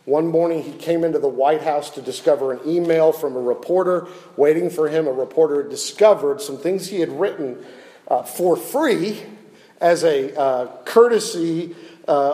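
A pastor preaching a sermon, his delivery swinging from loud, raised lines to hushed ones. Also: a little high, poor audio.

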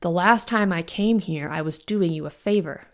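Woman voicing a guarded hunter guy, firm and flat, kinda low and gravelly, storybook. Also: moderate pace, lightly acted. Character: steady, guarded male monster hunter.

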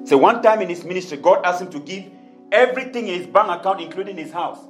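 High-pitched preacher guy, amens and hallelujahs, roomy church echo, faint music behind. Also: lively intonation, fast talker, a bit bright. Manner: preaching with call-and-response amens, then leading prayer and speaking in tongues. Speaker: pastor. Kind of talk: sermon. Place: church hall.

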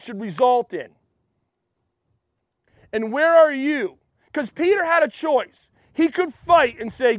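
Male pastor, very high voice, dry close sound, chatty sermon. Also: dry recording. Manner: animated and conversational, with frequent restarts.

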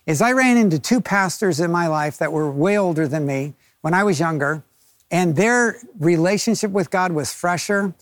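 Male pastor, high voice, animated storyteller, dry sound. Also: dry recording. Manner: storytelling, acts out quoted voices. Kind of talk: sermon.

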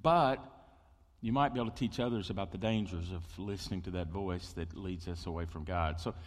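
A man preaching a sermon as pastor, conversational and animated, with asides to the congregation. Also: deep voice, a little fast. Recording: long hall reverb.

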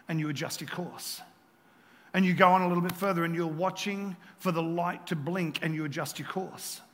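A pastor preaching a sermon in a church, asking his listeners questions and moving between loud passages and hushed ones. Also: high-pitched. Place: church hall. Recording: reverberant church hall.

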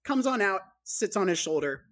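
A player describes their character in a tabletop game, chatty and full of fillers. The voice rises and falls a lot, animated throughout. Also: mid-range voice, moderate pace. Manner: lively, chatty, many fillers.

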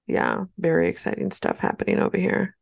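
A woman from California co-hosts a casual podcast and tells her stories with candid, dramatic flair, laughing often. Her voice sits on the low side for a woman. The recording is dry and close. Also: wildly swooping pitch, fairly quick, gravelly, dry recording. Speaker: podcast co-host. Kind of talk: casual chat.

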